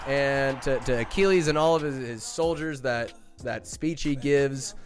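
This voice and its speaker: Rambling, excitable male podcast host. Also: mid-range voice, measured pace, over music. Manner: rambling, enthusiastic, crude jokes. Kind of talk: comedic movie recap monologue.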